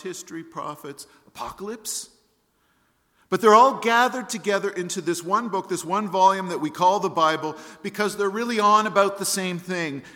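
A man's voice: on the high side, sharp tone. A man preaching a sermon as pastor, explaining plainly and reading scripture aloud with rising force. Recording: long church-hall reverb.

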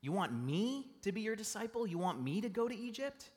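A man's voice: high voice, very animated, brisk, a little mellow, long reverb tail, pitched above the performer's own voice. A man voicing Moses as an anxious, self-doubting runaway shepherd who stammers and pleads.

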